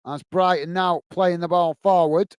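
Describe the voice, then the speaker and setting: A man's voice: high voice, fairly even intonation, moderate pace, smooth, no room sound. A man hosting a live football watch-along, chatting casually between match commentary and reading viewers' messages, with rambling self-corrections and a friendly "mate" manner.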